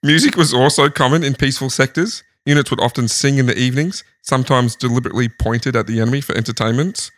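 A man's voice: medium pitch, fast talker, hardly any pauses, a bit bright, no room sound, clean studio sound. A man host casually telling a history story in a lounge room, laughing often. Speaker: podcast host.

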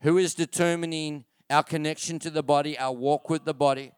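A man preaching in church with a smooth, resonant voice set a little above the usual male range. He hammers key phrases twice and challenges his listeners with direct questions. The sound is close and dry, with hardly any room around it. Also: on the high side, fairly even intonation, fairly quick, no room sound. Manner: emphatic preaching, repeats key phrases for stress; rhetorical questions with calls to the congregation. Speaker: pastor. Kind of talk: sermon.

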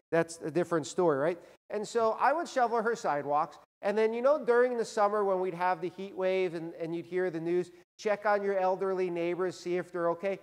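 A man with a notably high voice delivers a sermon from the front of a church, his words ringing in a long hall reverb. He talks in a folksy storytelling way, tossing "right?" to the congregation. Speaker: pastor. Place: church sanctuary.

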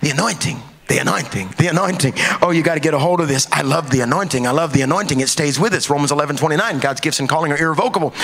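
A man preaching a sermon as a pastor, animated and rising to shouts at times. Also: on the high side.

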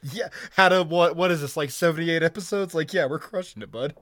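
A man's voice: a little high, fairly quick, fairly bright tone. A man co-hosting a podcast, telling a long story in a rambling, profane way full of restarts. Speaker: podcast co-host. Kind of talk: casual chat.

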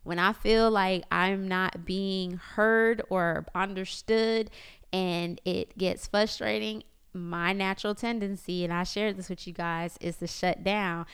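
Woman, 30s, casual vlog chat, very clear resonant voice, mid pitch, animated and talky. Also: takes it slowly. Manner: chatty and animated, mimics family members, lots of "like". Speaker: parenting vlogger.

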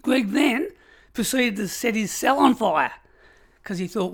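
A middle-aged Australian man, a former prison officer, telling stories in an interview in an emphatic, measured way. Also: extremely high pitch, expressive, vocal fry. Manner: emphatic, measured storytelling, colloquial. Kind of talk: storytelling interview.

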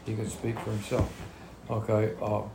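A man's voice: lowish voice, completely flat delivery, normal speed, creaky, background noise. A man leading a Bible study, reading verses aloud and explaining them in plain, conversational talk. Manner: reads scripture then explains it in plain talk. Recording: echoey room with faint ambience.

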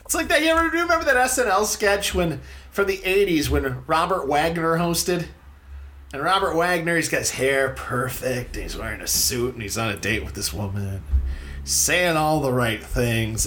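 A middle-aged Canadian radio host chatting casually, quick to laugh and tease. His pitch leaps all over the place, and his tone is bright and forceful. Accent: Canadian, neutral-leaning. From Canada, around Toronto. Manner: animated, laughing, quick teasing banter. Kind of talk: casual podcast chat.

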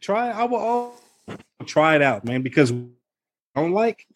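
A man's voice: sits high, big pitch swings, moderate pace. A man guesting on a casual chat, enthusiastic and encouraging, calling people "man". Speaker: guest, barbecue content creator.

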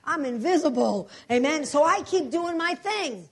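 A middle-aged woman preacher telling a testimony in a sermon, animated and acting out the voices and prayers of the people in her story. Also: high voice, normal speed.

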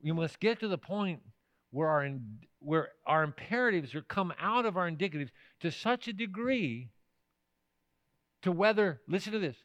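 A man's voice: sits high, animated, normal speed, fairly bright tone, dry recording. A man preaching a sermon as pastor, emphatic, often asking the congregation if they are still with him. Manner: emphatic, with rhetorical questions to the congregation.

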